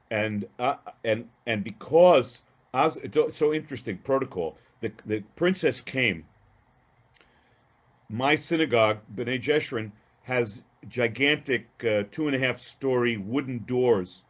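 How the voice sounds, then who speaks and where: A man giving a storytelling lecture on a video call, speaking in an animated, emphatic way with frequent restarts. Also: mid-range voice. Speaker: guest lecturer.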